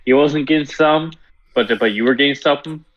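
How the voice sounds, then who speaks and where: A man's voice: on the high side, brisk, fairly bright tone, highs cut off. A young man joining a casual podcast chat, talking hesitantly with many fillers.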